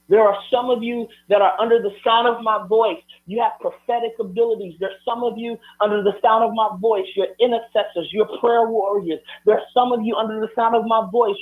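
A man preaching a sermon, driving his points home with repeated, building refrains. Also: high voice. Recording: tinny phone-like broadcast sound.

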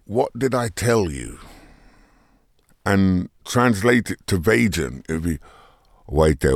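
Older Barbadian-accented man, guest, very low and unhurried, dry close sound, easy laugh. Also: no echo. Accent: Barbadian, with London traces. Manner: easygoing, laughs often while talking. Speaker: guest musician. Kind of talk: relaxed interview chat.

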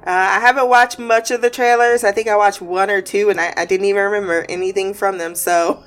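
Woman reviewer, mid-pitched, casual and wry, sarcastic asides, faint music bed. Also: fairly even intonation, a little fast. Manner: chatty and wry, with filler words and restarts; sarcastic asides and frequent laughs. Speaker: TV episode reviewer.

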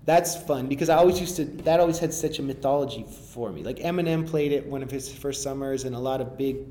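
Rapper guy chatting in an interview, mellow warm tone, bit of noise behind, keeps restarting his sentences. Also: mid-range voice, a little fast. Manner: rambling, restarts often, enthusiastic. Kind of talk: casual interview conversation.

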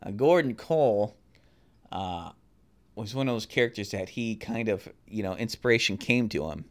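A man's voice: lowish voice, animated, moderate pace. A man hosting a solo podcast, reviewing shows and films in a rambling, casual way with many fillers and restarts. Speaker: podcast host.

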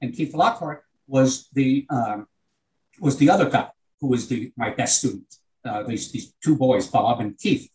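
A man's voice: medium pitch, measured pace, a little mellow, poor audio. An older man with a New York accent, a retired teacher telling a long, earnest anecdote in conversation. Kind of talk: conversational storytelling.

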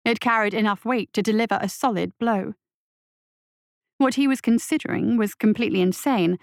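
A woman's voice: medium pitch, no room sound. Woman reading a story, dry close sound. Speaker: audiobook reader. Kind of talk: scripted story narration.

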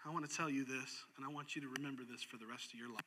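A male pastor preaching a sermon in an animated way, swinging from loud, emphatic lines down to hushed, quiet ones. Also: medium pitch, rapid-fire.

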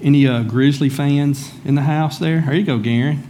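A man's voice: on the high side, normal speed, mellow, slight background noise. Man preaching a casual sermon. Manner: conversational preaching, calls on listeners by name. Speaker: pastor.

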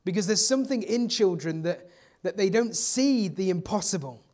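A man preaching a sermon as pastor, telling the story conversationally and often dropping into a soft hush. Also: sits high, lively intonation, normal speed. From England.

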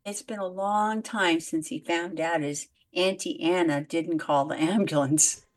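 A woman's voice: lowish voice, fairly even intonation, measured pace. A woman co-hosting a podcast over a video call, chatting casually and laughing easily. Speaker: podcast co-host. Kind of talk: casual chat.

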